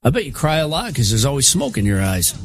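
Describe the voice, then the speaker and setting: A man co-hosting a radio show, walking through a study in a relaxed, chatty way. His pitch sits in a middle range. Faint music plays underneath. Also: fast talker. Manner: reads study findings aloud, then riffs. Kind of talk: casual radio chat.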